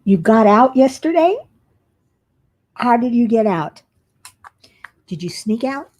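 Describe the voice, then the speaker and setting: A woman's voice: on the high side, big pitch swings, slow pace, darkish tone. A tired woman hosting a casual crafting livestream, chatting and reading viewer comments aloud as she works. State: tired, yawning. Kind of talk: casual live chat with viewers.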